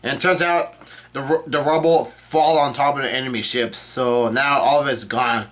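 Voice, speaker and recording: Dude reading a comic chapter out loud for his channel, average pitch, keeps going um and restarting words. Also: moderate pace. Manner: reads dialogue aloud flatly, with fillers and self-corrections. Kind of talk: casual live reading and commentary.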